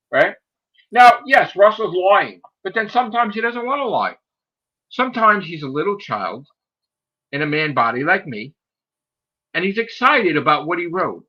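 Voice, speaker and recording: A man hosting a podcast, ranting in a heated, profane way and mimicking people in high voices. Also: big pitch swings, moderate pace, pauses often, bright, forceful tone. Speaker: podcast host. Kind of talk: heated casual podcast rant.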